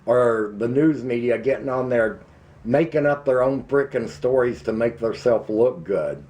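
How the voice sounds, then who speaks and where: A middle-aged man with an Ozarks accent, delivering a heated, emphatic rant to camera and slowing down to hammer his points. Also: mid-range voice, darkish tone. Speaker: vlogger. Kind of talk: angry political rant to camera.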